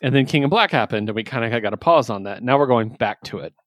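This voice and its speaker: A man's voice: mid-range voice, expressive, fast talker, a bit bright, no echo. A man hosting a casual podcast, recapping comic books with loose, enthusiastic chatter and the odd swear. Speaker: podcast host reviewing comics. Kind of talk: casual chat.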